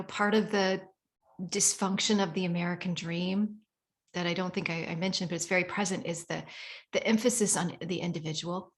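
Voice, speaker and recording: A woman hosting an interview, talking reflectively with hesitant pauses and fillers. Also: on the low side. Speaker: podcast host. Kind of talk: conversational interview.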